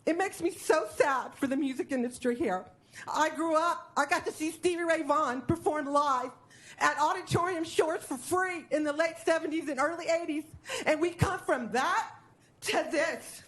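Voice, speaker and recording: A woman's voice: high voice, moderate pace, fairly bright tone. An older woman, speaking with passion and indignation during public comment at a city board meeting. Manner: impassioned, indignant, emotional.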